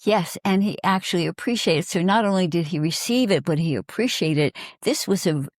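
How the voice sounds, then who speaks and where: A woman's voice: fairly low pitch, moderate pace, no echo, clean studio sound. A woman interviewing a guest, speaking in an affirming, reflective, counselor-like way. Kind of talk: supportive interview talk.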